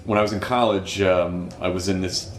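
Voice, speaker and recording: A man's voice: low-pitched, fairly even intonation, normal speed. Stammering male podcast host. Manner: rambling, stammering questions. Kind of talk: casual comedy podcast chat. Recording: roomy with faint noise.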